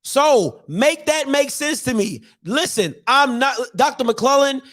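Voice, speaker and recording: Man, very high voice, podcast host, emphatic rant, slangy, repeats questions. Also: lively intonation, slow pace, a bit bright. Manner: casual slangy delivery with restarts. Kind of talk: opinionated commentary rant.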